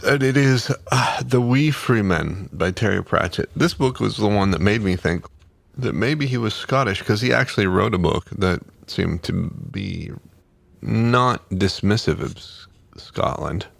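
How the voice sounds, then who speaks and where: A man's voice: on the low side, measured pace, creaky, dry recording. A man co-hosting a book club podcast, chatting unhurriedly with fillers and reading aloud. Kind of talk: casual chat and reading aloud.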